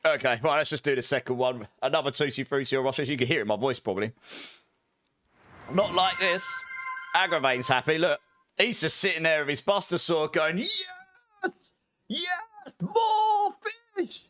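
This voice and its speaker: Male streamer, fairly high voice, jokey and upbeat, laughs a lot, close dry mic. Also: fairly quick, sharp tone, no room sound. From Britain. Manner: upbeat, jokey, laughs often, thanks viewers by name. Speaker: live streamer. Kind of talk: casual live-stream chat with viewers.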